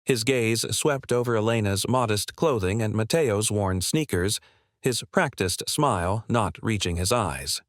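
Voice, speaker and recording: A man reading a scripted story in an even, measured way. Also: on the low side, dry recording, studio quality. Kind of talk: scripted narration.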